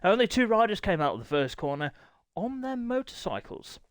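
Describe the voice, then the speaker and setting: A man's voice: high voice, sing-song, normal speed, no room sound. Young male host, harried and apologetic, streaming a racing league to chat, close dry sound. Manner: harried, apologetic, talking to chat while setting up. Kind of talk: live-stream chat to viewers.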